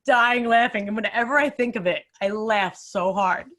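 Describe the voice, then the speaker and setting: A woman's voice: medium pitch, normal speed. A young woman hosting a casual podcast chat, telling stories with lots of laughter. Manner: laughs often, animated storytelling. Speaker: podcast host.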